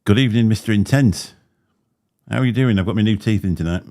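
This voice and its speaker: Deep-voiced chatty man. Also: fast talker, a little mellow. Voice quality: slight lisp. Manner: rambling, chatty, laughs often. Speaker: livestream host. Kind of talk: casual chat. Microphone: desk microphone.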